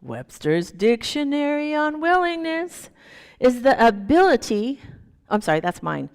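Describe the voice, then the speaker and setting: A woman's voice: medium pitch, vocal fry. A woman minister giving a sermon, telling stories animatedly and acting out the voices in them. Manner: animated, acts out quoted voices in her stories. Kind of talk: sermon with storytelling. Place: church sanctuary. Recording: long hall reverb.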